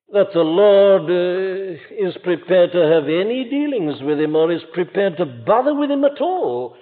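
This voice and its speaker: A man preaching a sermon with fervent rises and solemn hushed passages. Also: sits high. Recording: old lo-fi phone-band recording in a reverberant hall.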